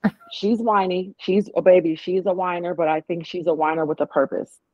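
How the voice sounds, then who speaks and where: A woman chatting casually as co-host of a reality-show recap, opinionated and animated, slipping into voices when she quotes people. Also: on the low side, fairly quick, dry recording. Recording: dull lo-fi audio.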